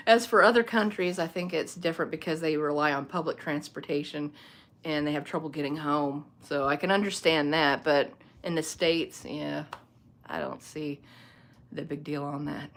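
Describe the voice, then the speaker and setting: Woman, low voice, casual rambling livestream host on her phone, laughs easily. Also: steady tone, normal speed, a bit bright. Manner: rambling, chatty, laughs often. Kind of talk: casual livestream chat with viewers. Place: home room lit by a small ring light.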